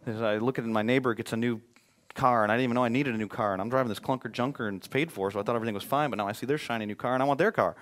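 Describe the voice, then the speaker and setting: A male pastor preaching a sermon in a conversational, joking way, swinging between emphatic loud points and quiet, hushed ones. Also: mid-range voice, very fast.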